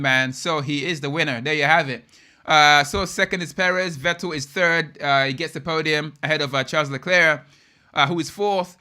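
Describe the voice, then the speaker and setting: Hosting a live stream where he watches a race, a young man from the UK reacts with excitable slang. He speaks at normal speed in a slightly high, bright, forward voice, repeatedly turning to chat with his audience between reactions.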